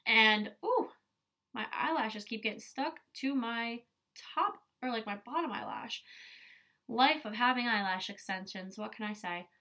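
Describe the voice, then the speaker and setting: A woman's voice: on the high side, animated, unhurried, bright, forceful tone. A young woman hosting a podcast, chatting casually and ranting candidly with plenty of swearing. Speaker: podcast host. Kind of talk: casual chat.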